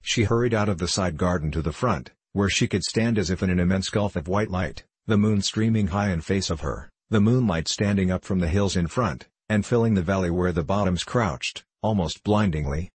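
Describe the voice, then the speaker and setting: A male audiobook narrator reads a novel in a steady, measured voice. The voice is low and husky. It is recorded close and dry, with no room sound. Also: no room sound.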